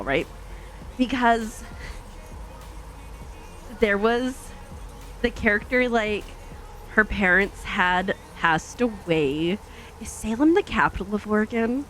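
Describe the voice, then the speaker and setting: Let's-play host, loose chatty tangents, middling pitch, faint game music underneath. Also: slow, long pauses, pushed and bright. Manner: rambling and chatty, many fillers and self-corrections; acts out own past thoughts in quoted asides. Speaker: gaming channel host. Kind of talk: casual chat while playing a truck driving game.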